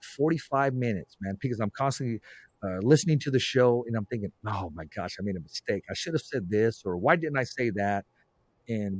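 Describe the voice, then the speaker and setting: A man hosting a podcast, telling stories in a lively casual way, often saying "man" and "bro". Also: mid-range voice, dry recording. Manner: animated storyteller, frequent "man" and "bro". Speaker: podcast host. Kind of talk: casual conversation.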